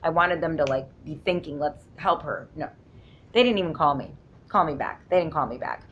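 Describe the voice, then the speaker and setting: A woman's voice: low voice, normal speed, lo-fi sound, slight background noise. A woman vlogging from home, telling a long story in a rambling, emphatic way and often interrupting herself. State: sleep-deprived. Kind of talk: casual storytelling vlog.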